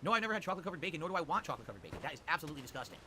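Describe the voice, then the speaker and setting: A man streaming live, answering chat questions with quick, opinionated rants. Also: on the high side, sing-song, pushed and bright, slight background noise. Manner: rapid, opinionated ranting. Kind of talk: livestream chat reply.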